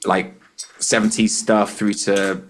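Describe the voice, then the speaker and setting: A man's voice: fairly low pitch, flat delivery, slow pace. A man who plays in a band, co-hosting a podcast and telling rambling, enthusiastic stories. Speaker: band member and podcast co-host. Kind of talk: casual podcast chat.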